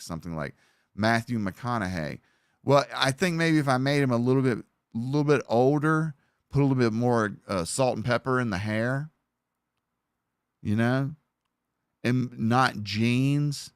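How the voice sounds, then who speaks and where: A man's voice: mid-range voice, clean tone, no room sound, studio quality. A man with an Alabama Southern accent, chatting casually on a live stream in a rambling, profane, offhand way.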